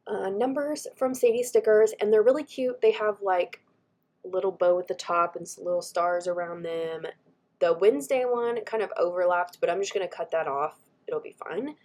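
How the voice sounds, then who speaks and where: A chatty woman with a lilt talks in a mid-pitched voice, gushing over every detail and slipping into soft, half-whispered asides. Her voice carries a slight scratchiness from a lingering cold. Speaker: planner vlogger. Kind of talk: casual chat over a craft video.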